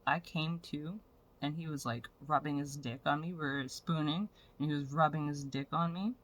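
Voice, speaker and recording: A woman's voice: deep voice, moderate pace, fairly bright tone. A young woman vlogging in a frank, profane, rambling way about her personal life. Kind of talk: candid personal vlog rant.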